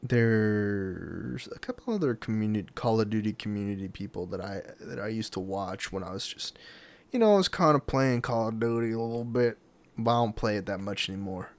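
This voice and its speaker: A man with a fairly low voice talks alone to his webcam in a loose, casual way. He rambles, restarts his sentences and leans on fillers as he goes. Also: fairly quick. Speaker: podcast host. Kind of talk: casual solo talk to camera.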